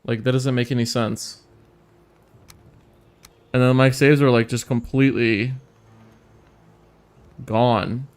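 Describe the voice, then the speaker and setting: A man's voice: medium pitch, fairly even intonation, slow pace, pauses often, clean tone. A man giving casual commentary while playing a game, exasperated and swearing to himself. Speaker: gamer streamer.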